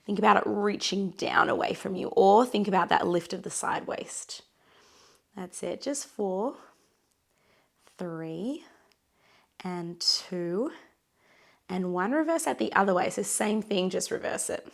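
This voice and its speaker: Raspy woman, pilates instructor, gravelly hoarse voice, encouraging, counting reps, cueing breath. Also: mid-range voice, lively intonation, unhurried, pauses often. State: run down, hoarse. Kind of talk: guided workout instruction.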